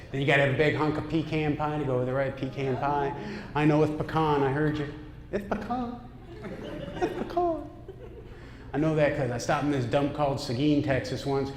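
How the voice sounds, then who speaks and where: A man from upstate New York doing a stand-up comedy set on a club stage, with a brash, punchy delivery and asides to the crowd. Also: a little high. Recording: echoey club room with noise. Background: audience laughter.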